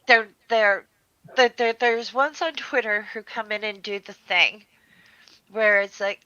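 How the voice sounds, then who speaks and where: A woman chatting with friends on a call, animated and quick to laugh, from the East Coast of the US. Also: mid-range voice, clear, resonant tone, no echo, lo-fi sound. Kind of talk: casual chat.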